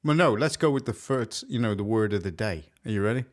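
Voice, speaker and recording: A man's voice: lowish voice, fast talker. A man from England co-hosting a casual live-streamed chat, joking and laughing often. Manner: jokey, laughs often, lively delivery. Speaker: podcast co-host.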